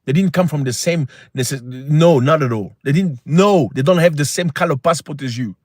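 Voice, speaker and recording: A man talks straight to his livestream viewers in a preachy, emphatic way. His voice sits a little high. The sound is dry and close. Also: normal speed, dry recording. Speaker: livestream host. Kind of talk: casual livestream monologue.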